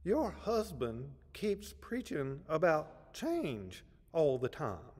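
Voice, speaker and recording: A man voicing a stubborn eighty-five-year-old Southern woman with a deep Georgia accent, drawling and set in her ways. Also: wildly swooping pitch, takes it slowly, a little mellow, slightly rough, big-room sound, heavily acted. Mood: stubborn, teasing.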